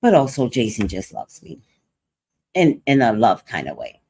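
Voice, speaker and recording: There's slight background noise as an older woman with a rumbling low voice speaks at normal speed. She's hosting a livestream, casually telling a personal tale and vividly acting out others' quotes.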